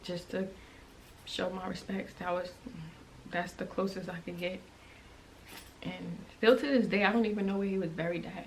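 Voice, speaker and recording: A young woman telling a personal story to her viewers in a casual, emotional way, halting with many restarts. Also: mid-range voice, a little hiss or hum, low-quality recording. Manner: conversational and direct to viewers. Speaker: vlogger.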